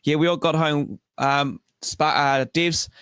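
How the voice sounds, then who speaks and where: A man, co-hosting a casual live stream and reading out shout-outs to viewers. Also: fairly high pitch, slow pace, clean tone, no echo, clean studio sound. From New Zealand. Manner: reads out viewer shout-outs in a steady, friendly run. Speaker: co-host.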